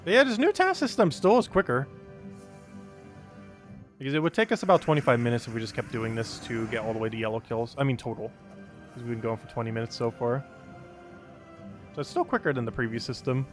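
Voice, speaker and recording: A man's voice: medium pitch, a little fast, long pauses, faint music behind. A man streaming a game live, chatting casually, reading and greeting chat, and laughing often.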